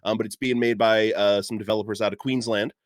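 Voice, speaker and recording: A man's voice: on the low side, fairly even intonation, fast talker, no echo, studio quality. A man on a podcast telling casual stories with a laugh, easily sidetracked and full of fillers. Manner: chatty anecdote telling with frequent uh fillers and laughs. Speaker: podcast guest. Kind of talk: casual chat.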